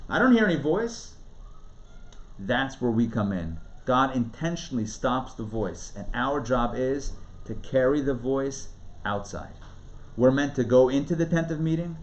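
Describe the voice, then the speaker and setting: A man, a rabbi, giving a live Torah class in a conversational, emphatic way, swinging between booming lines and hushed ones. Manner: conversational, quick asides and restarts.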